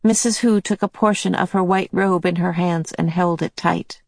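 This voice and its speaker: A woman narrating a novel in a calm, measured reading voice. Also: lowish voice, creaky, no echo. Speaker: audiobook narrator. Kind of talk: scripted narration.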